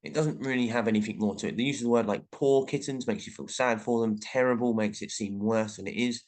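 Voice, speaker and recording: A man's voice: lowish voice, brisk, a little mellow. A male teacher explaining language features in a recorded lesson, reading out example sentences as he goes.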